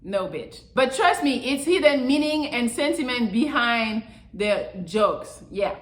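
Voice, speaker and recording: A woman's voice: a little high, sing-song, unhurried. A woman hosting her channel, giving blunt, profane relationship advice in a casual monologue with mocking impressions. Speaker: channel host. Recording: echoey room.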